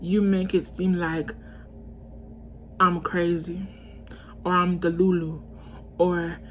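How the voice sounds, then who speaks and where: Ranting young woman, lowish voice. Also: slight background noise. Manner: exasperated, heated ranting with heavy cursing and repetition. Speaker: vlogger telling a story. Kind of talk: storytime rant.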